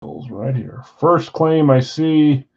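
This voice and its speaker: A man's voice: medium pitch, very animated, takes it slowly, a little mellow, slightly rough, highs cut off. Chatty man calling a card break. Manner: chatty, rattling off names and teams. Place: card shop.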